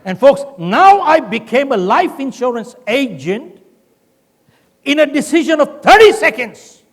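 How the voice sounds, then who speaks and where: Extremely high-pitched and sing-song, this older Indian keynote speaker talks a little slowly. He's delivering a motivational speech in a large conference hall, acting out quotes as he tells a story, with long hall reverb on the recording.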